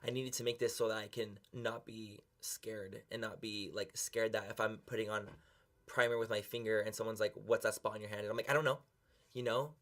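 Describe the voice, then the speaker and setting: A man's voice: on the low side, flat delivery, a little fast, a bit bright. A young man talking earnestly and emotionally to camera in a confessional vlog, close to tears and swearing casually. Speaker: beauty vlogger.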